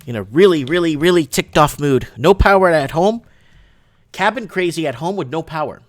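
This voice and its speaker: A man hosting a casual livestream from his shop, rambling and excitable, often restarting and asking "right?". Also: fairly high pitch, moderate pace. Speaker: livestream show host.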